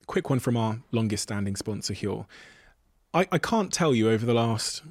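A man's voice: lowish voice, lively intonation, normal speed, darkish tone, no room sound. A man hosting a podcast, reading sponsor messages and asking questions in an earnest, emphatic way. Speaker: podcast host. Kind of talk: sponsor read and interview.

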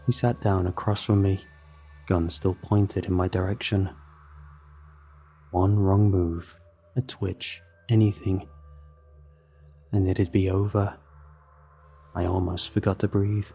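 Slow, deep-voiced man narrating a horror story. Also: steady tone, mellow, slight background noise. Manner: measured, low-key storytelling. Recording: faint music under the voice.

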